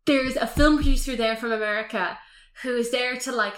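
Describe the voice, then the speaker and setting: A woman's voice: fairly high pitch, a little fast, a bit bright. Chatty woman in an echoey room. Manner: chatty, rambling, swears casually. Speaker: podcast co-host. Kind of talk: casual film review chat.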